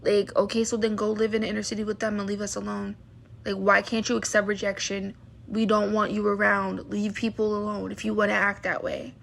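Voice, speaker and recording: A woman's voice: mid-range voice, monotone, brisk, gravelly, a bit bright. A young woman from the Baltimore area ranting heatedly to camera, indignant, with many fillers and restarts. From Baltimore area, USA. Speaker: vlogger. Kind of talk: casual rant to camera.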